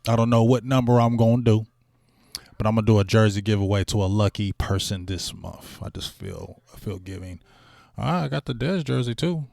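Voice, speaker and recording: A man's voice: lowish voice, fairly quick, vocal fry, no echo. Slangy man hosting a sports livestream. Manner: animated, slangy, hypes donations. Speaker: sports talk show host. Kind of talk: casual livestream chat.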